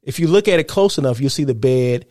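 A man's voice: mid-range voice, lively intonation, quick pace, warm tone. A man from the United States hosting a live show and podcast. He talks casually and chattily, keeps asking "right?" and chuckles at his own jokes. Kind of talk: casual live-stream talk.

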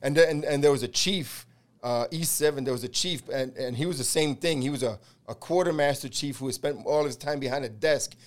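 Animated middle-aged man telling a story. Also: medium pitch, fairly quick. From United States. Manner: animated storyteller who acts out quotes, swears, laughs. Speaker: podcast host. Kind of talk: casual storytelling chat.

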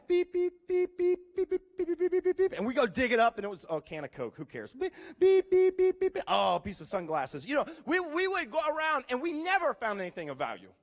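Pastor guy with a really high voice, animated sermon, does beep noises, goes loud then quiet. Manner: animated storyteller imitating beeping sounds; swings between loud emphasis and hushed asides.

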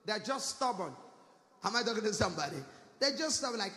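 A man with a strikingly high voice preaches a fervent sermon, repeatedly calling out to his congregation with rhetorical questions. The sound carries the roomy echo and long reverb of a church hall. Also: lively intonation, fast, bright, forceful tone. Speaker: pastor.

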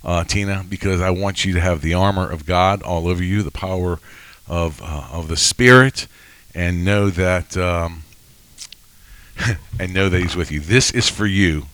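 Very deep-voiced man in his sixties. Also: a little slow, a bit bright, smooth, no echo. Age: 60s. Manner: emotional, rambling storyteller with many restarts. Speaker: podcast host. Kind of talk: casual faith podcast chat.

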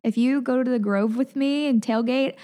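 A woman in her twenties from the American South, a news reporter with a faint Southern accent, talking in a clear, well-enunciated way as a podcast guest. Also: on the high side, moderate pace, mellow. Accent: slight Southern American. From Collierville, Tennessee, US. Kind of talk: casual interview chat.

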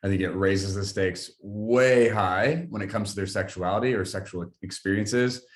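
A man's voice: lowish voice, normal speed. A man hosting a podcast, asking curious, probing questions in a casual way, with plenty of filler words. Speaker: podcast host. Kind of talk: casual interview chat.

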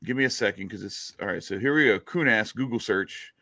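A man's voice: lowish voice, brisk, pushed and bright, no echo, studio quality. A man from Louisiana with a Cajun accent, chatting casually and telling a long joke, rambling and correcting himself as he goes. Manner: rambling, self-interrupting, joking. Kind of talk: casual chat, storytelling.

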